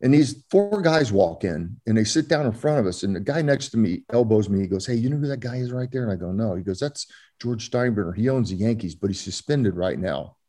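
In a fairly low, warm voice, an older Florida man who once played ball recounts stories for an interviewer. He speaks briskly and expressively, rambling with frequent fillers and restarts.

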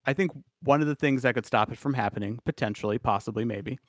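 A man's voice: mid-range voice, fast, no room sound, studio quality. A man co-hosting a sports podcast, chatting casually, rambling and laughing at his own asides. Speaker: podcast co-host.

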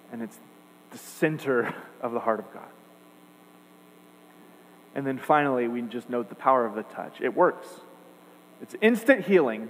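A man preaching a sermon, earnest and emphatic, building points with repeated phrases. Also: mid-range voice. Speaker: pastor. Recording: echoey hall, faint hum.

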